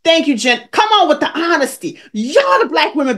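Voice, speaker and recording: A woman's voice: extremely high pitch, very animated, normal speed, hardly any pauses. A woman over forty coaching viewers on a live stream, emphatic and preachy, repeating her points and calling out people in the chat by name. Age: 40s or older. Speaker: weight-loss coach hosting a live stream.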